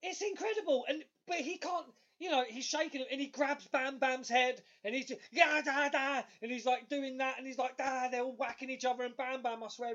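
Male podcast co-host, high voice, excitable storyteller, muffled lo-fi recording. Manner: excitable, animated storytelling with loud bursts. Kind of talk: casual chat.

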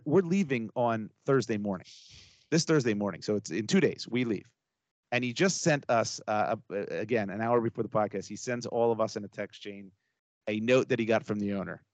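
A man's voice: fairly low pitch, normal speed, dry recording. Rambling middle-aged man, dry close mic. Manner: rambling storyteller, many fillers and restarts. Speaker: podcast co-host. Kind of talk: casual podcast banter. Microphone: close podcast mic.

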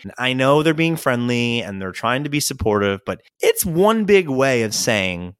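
A young man hosting a solo podcast, telling comedic stories and jumping into high, squeaky voices for the people he quotes. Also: huge pitch swings, moderate pace, fairly bright tone, no echo. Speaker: podcast host.

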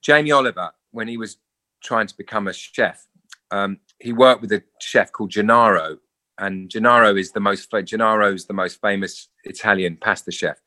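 A man, speaking in a lowish but bright voice. He talks casually as an interview guest. He jumps into quick impressions of the people in his stories. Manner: animated storyteller acting out quotes. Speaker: actor guest.

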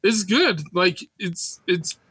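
A man telling war stories as a podcast guest, animated, laughing often and acting out quotes. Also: high-pitched, slow pace, husky, no room sound. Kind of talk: casual storytelling.

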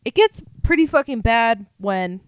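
A woman's voice: on the high side, lively intonation, unhurried, smooth, no echo. A woman co-hosting a casual true-crime chat, telling the story in a profane, laughing way. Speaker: podcast co-host.

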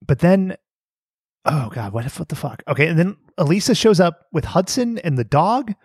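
A man co-hosting a podcast, recapping a cartoon episode in animated, joking chat, swearing and laughing often. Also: fairly high pitch, normal speed, husky, no room sound, studio quality. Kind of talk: casual comedic chat.

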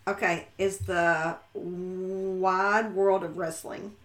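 A woman's voice: fairly low pitch, little pitch movement, extremely slow. A woman in casual chat, getting quizzed and laughing at herself. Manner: giggly, self-mocking, breaks into long laughing fits. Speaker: co-host being quizzed.

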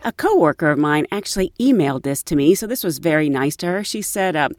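A woman hosting a podcast, chatting and reading a story aloud in a lively way. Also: low voice, quick pace, hardly any pauses, dry recording, clean studio sound. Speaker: podcast host. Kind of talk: casual chat.

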